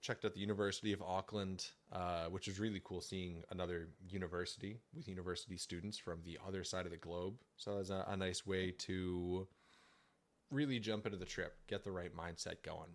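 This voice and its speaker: A young man with a low, deep voice talks through a slideshow on a livestream. His delivery is chatty and jokey, loose and casual, with easy humor running throughout. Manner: jokey, chatty, laughs often. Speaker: student presenter livestreaming.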